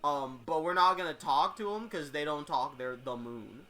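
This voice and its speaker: A man hosting a fighting-game tournament stream, chatting casually, rambling and swearing with quick laughs. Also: a little high, pushed and bright, soft background music. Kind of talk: casual live-stream chat.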